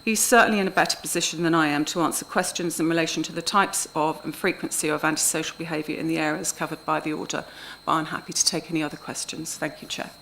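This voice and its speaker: A woman officer giving a formal, measured presentation of a report at a council committee meeting in a council chamber. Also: deep voice, fairly even intonation, fairly bright tone, a little hiss or hum, low-quality recording. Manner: measured, precise, with small restarts.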